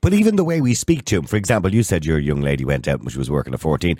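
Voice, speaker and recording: A man in his sixties with an Irish accent hosting a radio phone-in, blunt and opinionated and quick to jump in. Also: rumbling low, animated, a little mellow, no room sound, clean studio sound. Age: 60s. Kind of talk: casual radio phone-in chat.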